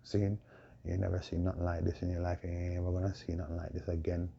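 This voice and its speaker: A man with a hoarse voice, preaching a proclaiming monologue full of repeated rhetorical questions. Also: low voice, monotone, fast talker, warm tone. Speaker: self-styled preacher. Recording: dull lo-fi recording with faint noise.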